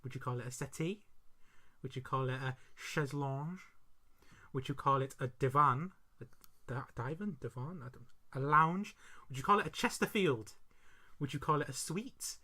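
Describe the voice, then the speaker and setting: A man co-hosting a podcast, telling stories in a casual chat with an animated manner and frequent laughter. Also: medium pitch, normal speed, pauses often. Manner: animated storyteller who laughs often. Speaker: podcast co-host; teaching assistant.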